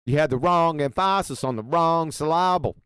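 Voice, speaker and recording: A man's voice: fairly high pitch, normal speed, fairly bright tone, clean tone, no room sound, clean studio sound. A man hosting a show, mocking a video in abrasive, profane commentary. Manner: sarcastic, abrasive, swears a lot. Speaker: show host reacting to a video.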